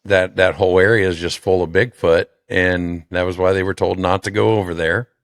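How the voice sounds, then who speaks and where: A man's voice: low-pitched, steady tone, a little fast, no room sound. A man hosting a podcast, reacting in a casual, amused way. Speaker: podcast host. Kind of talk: casual chat.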